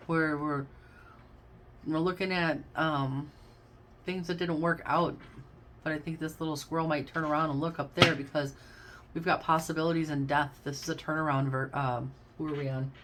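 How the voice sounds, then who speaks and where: Woman, low-pitched, tarot reader; casual and effusive, talks straight to her viewers. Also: background noise. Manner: chatty and effusive, addresses listeners as babes and y'all.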